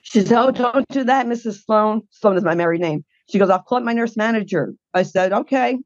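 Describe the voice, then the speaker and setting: A woman's voice: medium pitch, expressive, brisk, highs cut off. A woman guest telling her caregiving story in a blunt, indignant way. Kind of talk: emotional personal account.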